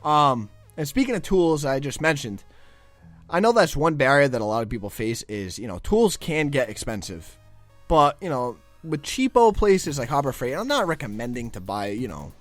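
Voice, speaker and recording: A young man talks loosely over gameplay, wandering from one thought to the next with plenty of stumbles and restarts. His voice sits at an ordinary middle pitch for a man, and faint music plays behind him. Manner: rambling, self-admittedly stumbling over words. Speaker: guest gameplay commentator. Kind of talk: casual commentary over gameplay.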